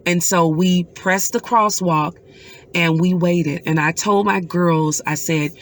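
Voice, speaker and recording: Middle-aged woman, mother, personal vlog storytelling; unhurried, earnest delivery with pauses. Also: fairly low pitch, fairly even intonation. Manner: slow, earnest and emotional, with pauses. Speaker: mother recounting a dream.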